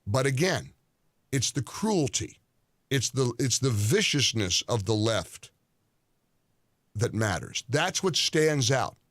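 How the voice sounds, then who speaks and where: Male commentator, indignant and deliberate, dry recording. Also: mid-range voice, big pitch swings, a bit bright, no echo. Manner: indignant, deliberate, stressing words. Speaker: political commentator. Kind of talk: scripted commentary monologue.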